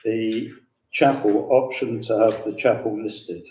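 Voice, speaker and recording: A man chairing a council committee meeting in a brisk, procedural way. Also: lowish voice, fairly even intonation, dark tone, lo-fi sound. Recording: echoey room, distant mic.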